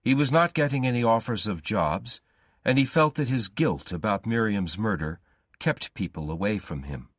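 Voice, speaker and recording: A man reading a simplified story aloud slowly and deliberately for English learners. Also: lowish voice, animated, no room sound, studio quality. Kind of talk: graded reader narration for English learners.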